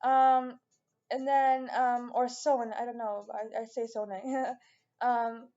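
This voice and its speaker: High-voiced chatty woman, dull lo-fi sound. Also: little pitch movement, slow pace, warm tone. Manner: rambling, chatty, many fillers and restarts. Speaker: vlogger. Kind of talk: casual chat to camera.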